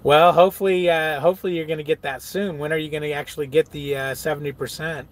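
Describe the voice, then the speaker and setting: Chatty, slightly high-voiced man. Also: fairly even intonation, fast. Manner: loose and chatty, swears freely, laughs often; reads viewer comments aloud and answers them. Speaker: truck driver streaming live. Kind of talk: casual live-stream chat reading.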